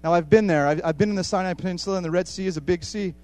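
A man preaching a sermon with passion, repeating phrases for emphasis and swinging between hushed and loud. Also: sits high, very fast.

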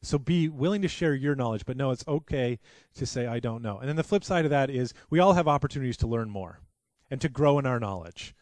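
A man's voice: mid-range voice, lively intonation, fairly quick, darkish tone, no echo. A man preaching a sermon as pastor, earnest and conversational, with frequent restarts.

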